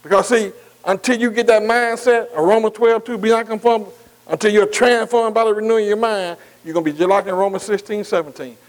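Male preacher, high voice, conversational call-and-response sermon, long hall reverb. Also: steady tone, fairly quick. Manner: call-and-response questioning, repeating words; informal vernacular grammar.

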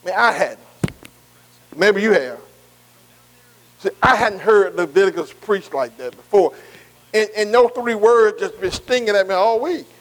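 High-voiced preacher, call-and-response. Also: male voice, animated, unhurried, pauses often, low-quality recording. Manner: repeats "am I right?" to the congregation.

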